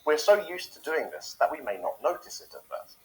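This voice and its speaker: Man, educational narration, animated pitch, measured explanatory pacing. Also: low-quality recording. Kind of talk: scripted narration.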